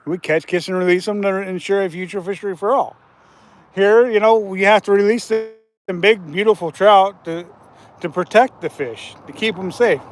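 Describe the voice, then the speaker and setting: A man's voice: sits high, moderate pace. A man hosting a casual fishing livestream from outdoors by a river, chatting with viewers and laughing often.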